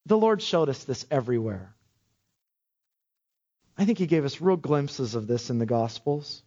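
A man's voice: on the high side, very animated, normal speed, mellow. A man preaching a sermon to a congregation, speaking with emphatic, rising lines and frequent questions to his listeners. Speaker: pastor. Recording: dull lo-fi sermon recording.

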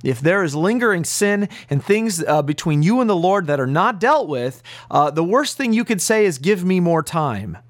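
A man's voice: high-pitched, sing-song, normal speed, hardly any pauses, no echo. A man teaching as pastor on a radio Bible program, preaching earnestly and urgently with emphatic repetition.

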